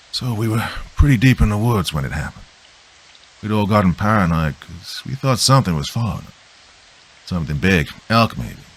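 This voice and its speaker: A man voicing a weary, gruff old grandfather with a folksy drawl, recounting a horror. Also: low-pitched, fairly bright tone, exaggerated voice, low-quality recording. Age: older.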